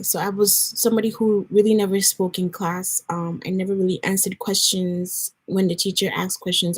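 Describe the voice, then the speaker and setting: A woman's voice: medium pitch, a little mellow, husky. A young woman from Nigeria, chatting earnestly to the camera as she gets ready and tells a story. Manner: earnest, storytelling, lots of likes and restarts. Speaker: vlogger. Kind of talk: casual chat while getting ready.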